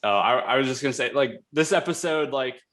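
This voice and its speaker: A man hosts a laid-back episode review, his voice sitting at an ordinary middle pitch. He rambles along at speed, full of fillers and false starts. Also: a bit bright. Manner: quick, rambling, heavy on fillers and restarts. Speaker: show host reviewing a TV episode. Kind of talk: casual review chat.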